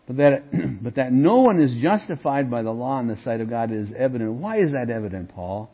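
A man's voice: medium pitch, expressive, brisk, few pauses, breathy edge. A man teaching through Bible passages, reading verses aloud with emphasis and asking rhetorical questions. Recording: muffled lo-fi recording.

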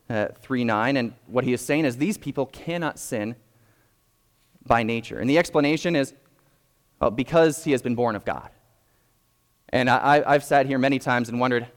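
A young adult man gives a sermon in a hall, and his mid-pitched voice trails off into a long reverb. He explains patiently and carefully, often restarting his sentences as he thinks aloud. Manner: measured, explanatory, with frequent restarts. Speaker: pastor.

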